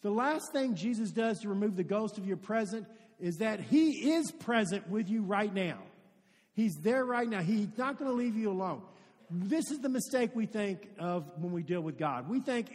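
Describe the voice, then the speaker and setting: A man's voice: high voice, animated, normal speed, a little mellow. A man preaching a sermon, telling a story earnestly and addressing his congregation directly in a church. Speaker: pastor. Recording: long hall reverb.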